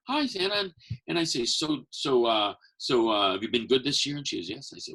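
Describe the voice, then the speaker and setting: Animated husky man telling stories. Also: quick pace. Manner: animated, acts out quotes with big pitch jumps. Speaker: podcast guest, magician and Santa performer. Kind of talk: casual storytelling.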